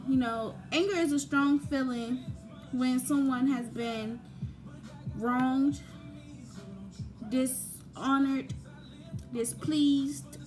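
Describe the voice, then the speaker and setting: A woman's voice: sits high, a little mellow. A young woman giving informal, conversational advice about grief, with frequent fillers. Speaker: grief talk presenter. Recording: faint background music.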